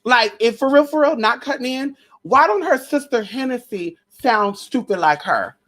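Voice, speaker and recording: A woman's voice: expressive, moderate pace, fairly bright tone. Brash, profane woman ranting sassily. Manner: brash, profane and sassy, with pet names; mocks others in a shrill high voice. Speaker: vlogger. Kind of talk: casual gossip rant.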